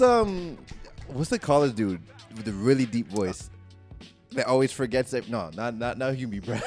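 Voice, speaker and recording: A male podcast host in casual sports chat, animated and quick to laugh. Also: a little high.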